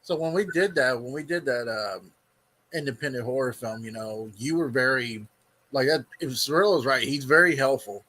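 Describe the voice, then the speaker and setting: A man's voice: medium pitch, moderate pace, bright, forceful tone. A man hosting a casual interview, asking rambling, hesitant questions full of fillers. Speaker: host.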